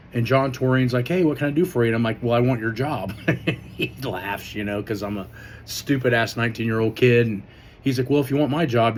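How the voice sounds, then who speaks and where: A man's voice: medium pitch, a little hiss or hum. A man, a strength coach, telling his life story in a loose, casual way, with many fillers and some swearing. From Indiana, US.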